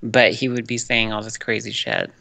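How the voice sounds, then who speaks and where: A man's voice: fairly low pitch, very animated, normal speed, creaky, bright, forceful tone, no echo, rough recording. A man co-hosting a casual chat, blunt and heavy on profanity.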